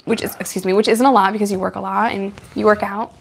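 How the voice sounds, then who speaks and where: Chatty lady live streaming, laughs a lot, middle pitch voice. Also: steady tone, fast talker, gravelly, slight background noise. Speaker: livestream host. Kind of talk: casual live chat with viewers.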